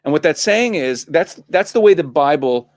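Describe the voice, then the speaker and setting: A man, a rabbi, talking as a guest on a studio talk show, animated and laughing often, restarting and repeating words as he explains. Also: a little high, moderate pace. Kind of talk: casual talk-show conversation.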